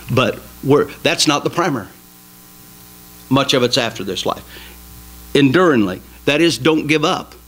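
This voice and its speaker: A man preaching a sermon in a small church, emphatic and folksy, swinging between loud exhortation and quiet asides. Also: mid-range voice, poor audio. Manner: folksy, jokes with the congregation. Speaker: pastor.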